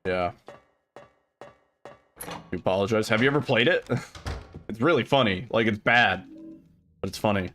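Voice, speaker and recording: A man's voice: fairly low pitch, normal speed, long pauses, a bit bright, faint music behind. A man streaming a game, chatting casually and swearing freely with lots of filler words. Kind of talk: casual chat while gaming.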